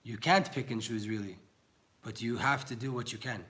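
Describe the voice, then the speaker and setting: A man's voice: mid-range voice, normal speed, a bit bright. Earnest man teaching a Torah class. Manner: earnest, pleading, conversational. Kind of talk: informal Torah class talk.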